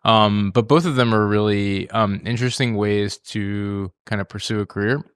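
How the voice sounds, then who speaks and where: A man's voice: lowish voice, fairly even intonation, moderate pace, fairly bright tone, clean tone, no echo, studio quality. A man who teaches journalism, talking casually and rambling to students on a panel. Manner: casual, rambling, many fillers. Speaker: journalism educator.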